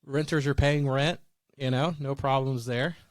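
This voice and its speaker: A man's voice: mid-range voice, steady tone, unhurried, no room sound. Male co-host, easygoing, chuckles a lot, dry close recording. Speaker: podcast co-host. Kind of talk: casual podcast chat. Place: in Florida.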